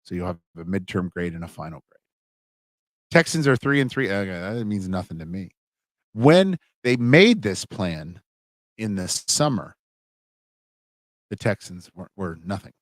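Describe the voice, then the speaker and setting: Middle-aged male instructor, low voice, dry close mic, chatty and rambling livestream lecture. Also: sing-song, measured pace, pauses often, dry recording. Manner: rambling, chatty, many fillers and restarts. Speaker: college humanities instructor. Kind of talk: casual livestream class wrap-up.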